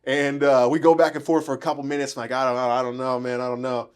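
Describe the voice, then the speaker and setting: A man spins a story at a rapid clip, his voice sitting at an ordinary middle pitch. He laughs often as he acts out what people said. The tone is loose and conversational, like friends trading stories. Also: smooth. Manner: animated, laughing, acts out dialogue.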